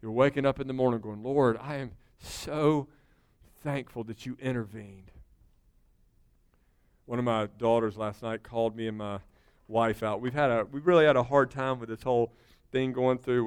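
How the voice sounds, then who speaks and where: A man's voice: mid-range voice, smooth. A middle-aged man, preaching a sermon as pastor in an earnest, conversational way that builds to emphatic peaks.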